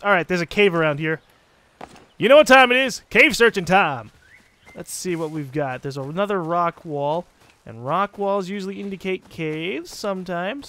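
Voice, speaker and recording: A man with a central North American accent, giving casual let's play commentary, excitable and swearing freely. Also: high-pitched. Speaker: gaming commentator.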